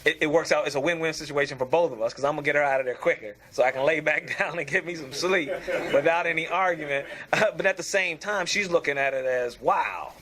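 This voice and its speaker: A man's voice: fairly high pitch, fast talker, few pauses, crowd noise. A man in a barbershop group talk, explaining his ideas on communication in a thoughtful way. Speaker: barbershop discussion participant. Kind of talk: casual group chat.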